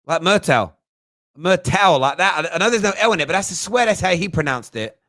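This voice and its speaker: A man's voice: high voice, lively intonation, quick pace, a bit bright, dry recording, studio quality. Chatty man hosting a phone-in. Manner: chatty, self-mocking, thinks aloud. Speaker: host of a fan phone-in show. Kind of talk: casual live-stream chat.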